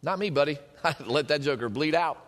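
A man preaching a sermon, animated and joking, at times building up to shouting. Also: a little high, brisk. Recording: long hall reverb.

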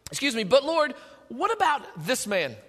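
A man's voice: very high voice, sing-song, moderate pace, a bit bright, voice pushed up, full character voice. A preacher acting out an irritated man pleading a pointed question, in a hall with long reverb. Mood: indignant.

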